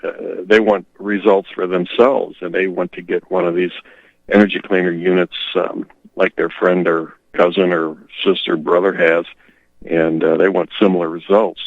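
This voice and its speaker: Male radio guest, low voice, dry close sound, steady and plain. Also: gravelly, no room sound, phone-quality sound. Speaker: radio show guest, product maker. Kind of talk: radio talk show chat.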